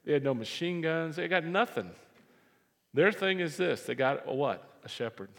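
A man preaching a sermon as pastor, animated and repeating phrases for emphasis. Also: on the high side, normal speed, gravelly. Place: church sanctuary. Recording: reverberant hall.

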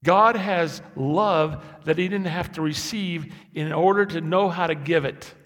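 A man in his sixties preaching a sermon, swinging from low, quiet asides to loud, impassioned peaks. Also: unhurried. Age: 60s. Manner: impassioned, building to loud emphatic peaks then dropping low. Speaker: pastor. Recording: echoey hall.

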